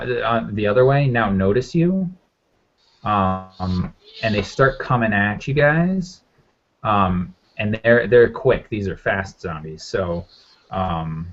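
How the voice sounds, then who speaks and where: A man's voice: lowish voice, a little hiss or hum. A man narrating as game master in a loose, rambling way with lots of fillers. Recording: muffled lo-fi audio.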